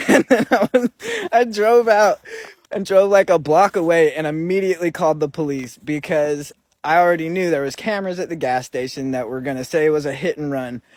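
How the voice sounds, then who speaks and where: A man's voice: a little high, dry recording. A man telling a personal story in a loose, conversational way, with lots of filler words. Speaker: recovery vlogger.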